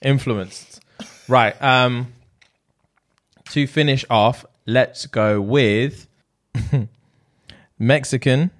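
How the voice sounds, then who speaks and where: A man's voice: mid-range voice, extremely slow, pauses often. A young man co-hosting a podcast, chatting casually with laughing, encouraging banter. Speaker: podcast co-host. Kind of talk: casual chat.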